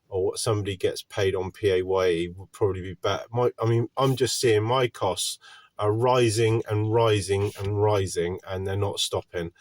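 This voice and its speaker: Parked up beside a park, this English gardener vlogger talks to camera from his van while getting over a cold. His voice sits lowish with no echo, and his vlog rant comes out glum, frank and meandering.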